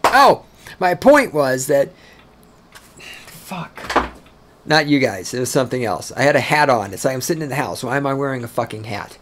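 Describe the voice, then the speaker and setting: Texas guy doing a sweary solo podcast rant from his house, middle pitch, sarcastic. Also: fast, hardly any pauses, a bit bright, slight background noise. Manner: angry, profane ranting with sarcastic asides. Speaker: podcast host. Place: at home.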